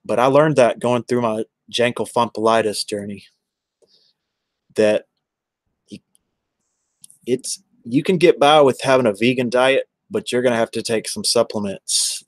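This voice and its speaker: A man's voice: mid-range voice, a little slow, pauses often, dry recording. A man, chatting casually on a livestream and answering viewers by name in a rambling way. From Texas.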